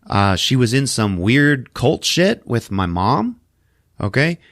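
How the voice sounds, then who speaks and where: A man hosting a podcast, recapping a film in a casual, profane, animated storytelling manner. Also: medium pitch, slow pace, no room sound, clean studio sound. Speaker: podcast host.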